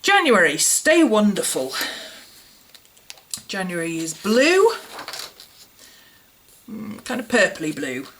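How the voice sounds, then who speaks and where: A woman's voice: medium pitch, huge pitch swings, takes it slowly, pauses often, fairly bright tone, slight background noise. A woman with an English accent, chatting casually as she reviews a product in a vlog and muses aloud. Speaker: vlogger.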